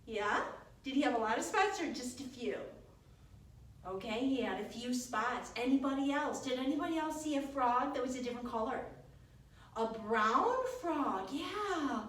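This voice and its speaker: With bright, sing-song warmth, a kids yoga teacher leads small children through a class, expressive and at normal speed. Her high voice comes from some distance in a very echoey studio with a faint hiss of room noise.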